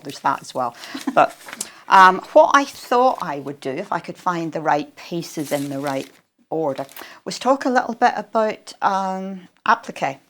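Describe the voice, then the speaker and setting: Woman quilting expert, low voice, chatty and explanatory, shopping-channel demo. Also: fairly bright tone. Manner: explanatory, chatty, with frequent ums. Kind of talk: craft demonstration on shopping TV.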